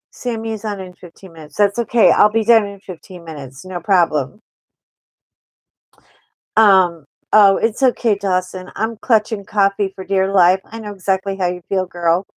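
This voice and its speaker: A woman's voice: mid-range voice, dry recording, rough recording. A middle-aged woman hosting a casual coloring stream, rambling and chatting with frequent laughter. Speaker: host. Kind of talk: casual chat while coloring live.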